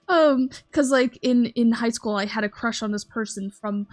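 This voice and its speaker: A woman's voice: medium pitch, steady tone, moderate pace, hardly any pauses. A woman streamer telling a long story in casual chat, rambling with lots of "um"s and restarts and laughing often.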